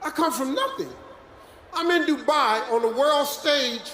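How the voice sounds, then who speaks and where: An older American man giving a live motivational speech in a large dome, animated, preachy and joking with the audience. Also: extremely high pitch, unhurried. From West Virginia, USA. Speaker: motivational speaker. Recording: echoey dome, faint crowd noise.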